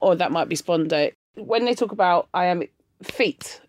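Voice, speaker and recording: A woman's voice: lowish voice, expressive, moderate pace, a little mellow. An English woman co-hosting a casual podcast chat, talking things through with examples and laughing often. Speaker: guest co-host.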